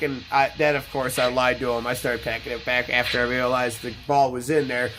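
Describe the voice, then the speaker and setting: A man's voice: medium pitch, flat delivery, moderate pace, few pauses, fairly bright tone, faint music behind. A man in his thirties hosting a gaming channel, telling stories in a blunt, boastful and profane way. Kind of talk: casual storytelling over gameplay.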